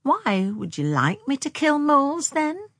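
A woman's voice: a little high, sing-song, normal speed, husky, dry recording, pitched above the performer's own voice. A woman reading a novel aloud, voicing a proud young woman who speaks coolly and teasingly.

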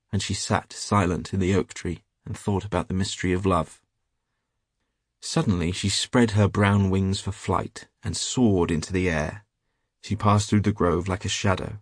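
A man narrating a fairy tale in a measured, gentle way, reading close to the mic. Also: low-pitched, husky, dry recording. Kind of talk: storybook reading.

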